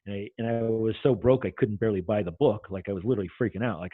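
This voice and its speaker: A man, a guest, telling his own story in a loose and animated way, swearing freely. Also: fairly low pitch, quick pace, slightly rough, no room sound. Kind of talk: casual storytelling. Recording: tinny call audio.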